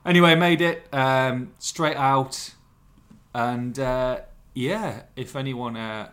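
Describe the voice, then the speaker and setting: A man's voice: medium pitch, takes it slowly, fairly bright tone. Chatty man in his forties hosting. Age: 40s. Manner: rambling, self-deprecating storytelling. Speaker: podcast host. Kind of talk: casual chat.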